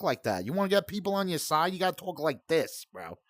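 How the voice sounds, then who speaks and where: A man's voice: fairly high pitch, very animated, fairly quick, hardly any pauses, fairly bright tone, no room sound. Profane, heated man ranting. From United States. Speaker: gaming channel host. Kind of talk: ranting commentary.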